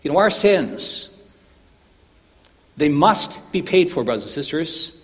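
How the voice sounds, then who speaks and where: A man's voice: a little high, big pitch swings, slow, fairly bright tone. A man preaching an earnest sermon, addressing his listeners as brothers and sisters, with long hall reverb.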